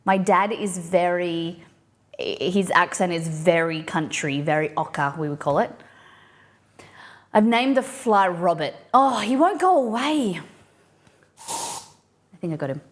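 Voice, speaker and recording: A woman's voice: fairly low pitch, takes it slowly, pauses often. A young woman from Australia with a mild, blended Australian accent, chatting casually on a live cooking stream and answering her viewers as she rambles. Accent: mild Australian, mixed and softened.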